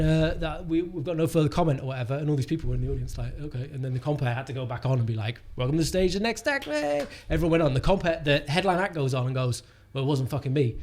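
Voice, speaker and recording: A man's voice: medium pitch, lively intonation, fast talker, hardly any pauses, darkish tone. A young man, telling a rambling, sweary comedy-gig story in casual podcast chat. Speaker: comedian guest.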